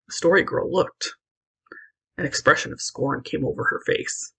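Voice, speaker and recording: A woman reading a classic children's novel aloud in an expressive, lively narration. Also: sits low, moderate pace, vocal fry, husky, low-quality recording. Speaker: audiobook reader. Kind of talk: scripted storybook narration.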